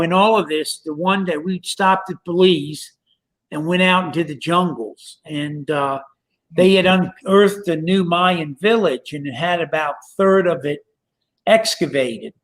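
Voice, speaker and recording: A male podcast host in casual chat, rambling and halting with many fillers. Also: a little high, fairly bright tone. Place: Pennsylvania.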